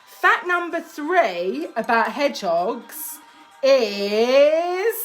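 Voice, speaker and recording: A woman's voice: fairly high pitch, lively intonation, measured pace, a bit bright, faint music behind. Giggly woman with jokey made-up facts. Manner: playful, giggly, chatty, many fillers. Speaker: presenter. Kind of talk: live-streamed craft tutorial with jokey made-up facts.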